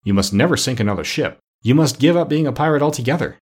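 A man's voice: mid-range voice, expressive, quick pace, breathy edge. A man voicing a kind but firm animal doctor who lectures politely and sternly.

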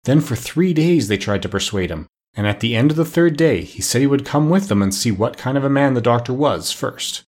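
A man narrates a children's storybook with expressive, animated delivery. His voice is husky, with a lively pitch that rises and falls through the sentences. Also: fairly quick, hardly any pauses. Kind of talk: reading a children's story aloud.

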